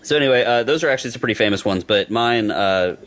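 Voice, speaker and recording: A man's voice: mid-range voice, quick pace, fairly bright tone. A man co-hosting a podcast, chatting casually and playfully calling out movie chants. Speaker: podcast co-host. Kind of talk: casual chat.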